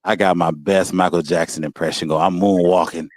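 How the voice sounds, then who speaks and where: A man telling stories about his school days in a relaxed, casual way, often laughing and saying "you know what I'm saying". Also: low voice, brisk, no echo. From Walterboro, South Carolina. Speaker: guest. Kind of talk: casual storytelling. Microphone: video call.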